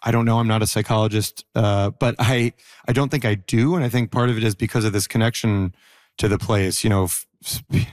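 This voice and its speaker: A man in his thirties, an interview guest, talking reflectively with many pauses and fillers. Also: lowish voice, steady tone, dry recording, studio quality. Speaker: interview guest, former prisoner. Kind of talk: conversational interview.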